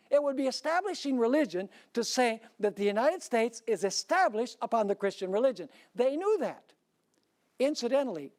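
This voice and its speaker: A man's voice: high voice, darkish tone. A male pastor preaching a sermon in an emphatic way, asking the audience rhetorical questions.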